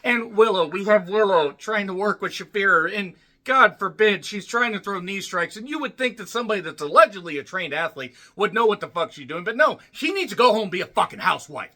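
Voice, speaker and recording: A young man tears into a wrestling show, swearing and yelling one moment, muttering the next. His voice sits high and sharp, with a wide, restless pitch. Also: expressive, fairly quick, few pauses. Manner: profane, yelling and ranting, swinging between shouts and mutters. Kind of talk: angry ranting review.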